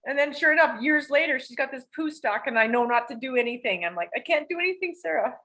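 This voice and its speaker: Speaking fast in a high-pitched, pushed and bright voice, a woman on a podcast rambles through emotional, confessional personal stories and swears casually. The audio is poor.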